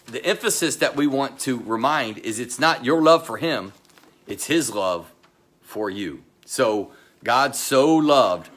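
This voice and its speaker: A middle-aged man, the pastor, delivering a sermon in a slow, emphatic way, pausing often and dropping to a low voice, with chatty asides to the congregation. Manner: slow, emphatic delivery with pauses and sudden drops to a quiet voice.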